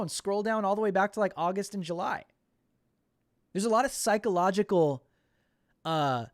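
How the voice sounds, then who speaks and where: A man's voice: sits high, no room sound, clean studio sound. Emphatic male podcast host. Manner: emphatic, repetitive, conversational. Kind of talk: commentary.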